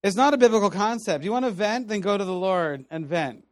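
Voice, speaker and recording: Guy preaching a sermon, kinda high voice, chatty storytelling, dry close sound. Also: brisk, dry recording. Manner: conversational, animated storytelling with laughs. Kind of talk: sermon teaching.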